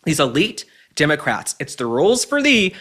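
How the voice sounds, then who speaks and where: A man's voice: on the high side, big pitch swings, normal speed, fairly bright tone. A man hosting an opinionated commentary show, talking in a sassy, campy way with mocking asides. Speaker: host.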